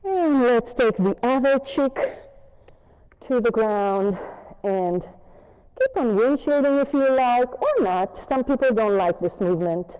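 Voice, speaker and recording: A woman with a non-native English accent leads a yoga class in a slow, mellow voice. She talks gently through each pose and keeps reminding students to breathe. Her mic picks up the long echo of the studio hall. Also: on the high side, expressive, a little hiss or hum. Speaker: yoga instructor. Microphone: wearing a mic.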